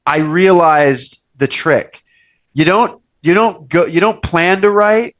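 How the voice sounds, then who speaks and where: A young man hosting a casual chat show from a restaurant's wine cellar, telling stories and acting out quoted lines in bigger voices. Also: slow pace. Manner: animated storyteller, acts out quotes with big pitch jumps. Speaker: podcast host.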